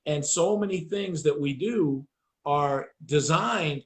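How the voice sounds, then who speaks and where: A man's voice: fairly high pitch, takes it slowly, echoey room. A man hosting a casual chat, telling dog-training stories with profanity and acted-out voices. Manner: profane, animated storyteller acting out voices.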